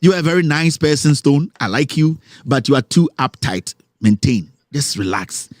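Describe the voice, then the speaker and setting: A Ghanaian man hosting a talk show, giving animated, mocking commentary and mixing English with Twi. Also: on the high side, brisk, no room sound, studio quality.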